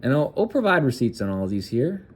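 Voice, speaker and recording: In a very animated, medium-pitched voice, a political commentary host reads a news article aloud. He breaks away for crude sarcasm and restarts his sentences haltingly.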